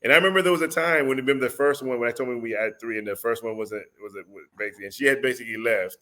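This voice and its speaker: Male podcast guest, forceful bright tone, spins anecdotes and laughs a lot. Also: mid-range voice, racing. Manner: storyteller who acts out quotes, laughs often. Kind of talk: casual podcast chat.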